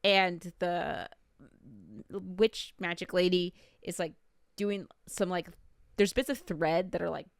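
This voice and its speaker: A woman's voice: lowish voice, fairly even intonation, takes it slowly, creaky, no echo, clean studio sound. A woman co-hosting a podcast, chatting casually and describing scenes at length with lots of "like"s. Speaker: podcast co-host recapping a show. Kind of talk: casual chat.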